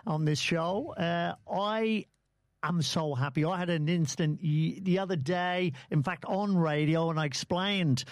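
A man's voice: fairly high pitch, unhurried, no echo. A man, hosting a casual sports chat show and steering the conversation. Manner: easygoing, steers the talk. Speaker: host.

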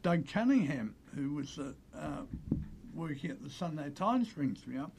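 An older Australian man telling animated stories as an interview guest, acting out the voices of the people he quotes. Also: on the high side, moderate pace, creaky, background noise. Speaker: interview guest, former player agent. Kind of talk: conversational storytelling.

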